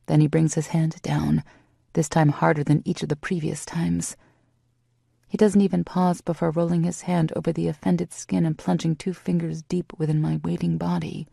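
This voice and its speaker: A woman narrates a first-person romance audiobook in an intimate, steady way. Her lowish voice is husky, dark and full of vocal fry. The recording is close and dry. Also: moderate pace, no echo.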